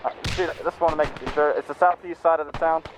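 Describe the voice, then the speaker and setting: A man relays tactical updates as a squad leader, speaking fast with frequent hesitations. Game noise and clicks sound behind his voice chat. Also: fairly high pitch, little pitch movement. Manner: hesitant, careful reporting. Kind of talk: radio tactical chatter. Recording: voice chat over noisy game audio.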